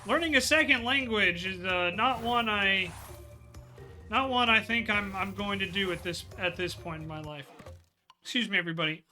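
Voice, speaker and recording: A man's voice: high voice, moderate pace, bright, forceful tone, soft background music. A man who is a Twitch streamer, chatting casually and bluntly while he plays a game. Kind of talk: casual gameplay commentary.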